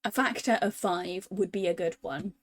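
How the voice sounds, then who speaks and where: A young woman from the UK chatting casually as a streamer while playing a visual novel, thinking out loud in a self-deprecating way. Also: lowish voice, normal speed. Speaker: VTuber streamer.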